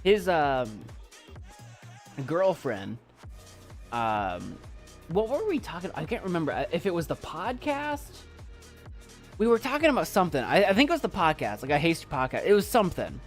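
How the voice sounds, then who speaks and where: Halting, emotional man with a calm voice. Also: on the high side, faint music behind. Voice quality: calm, soft voice. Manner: halting, many restarts, choked up and emotional. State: choking up. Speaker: YouTube creator and poet. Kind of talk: casual live chat with viewers.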